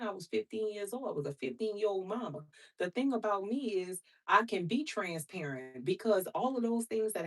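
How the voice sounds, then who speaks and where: Woman, tarot reader, blunt and preachy, swears a lot, casual chat, slightly distant mic. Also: mid-range voice. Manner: talks to viewers as sister and baby. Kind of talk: casual vlog chat to viewers.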